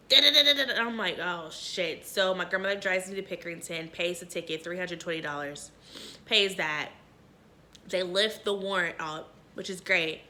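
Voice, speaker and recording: A young woman with a bright, sharp voice chats casually through a personal story. She is blunt and profane, and she leans on filler phrases. Her tone is candid and unpolished, like a vlogger talking to her viewers. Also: medium pitch. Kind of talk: casual storytime during an eating video.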